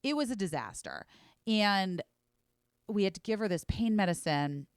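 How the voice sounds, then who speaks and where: Animated woman telling a story, lots of "like". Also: medium pitch, moderate pace, clear, resonant tone, no room sound, clean studio sound. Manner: rambling, animated, heavy on "like" and swearing. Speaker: podcast host. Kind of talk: casual storytelling chat.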